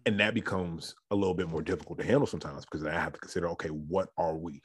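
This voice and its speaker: Podcast host, man, low husky voice, dry room. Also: fairly even intonation, very fast, no echo. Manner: laughs often, thinks aloud with restarts. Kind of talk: casual chat.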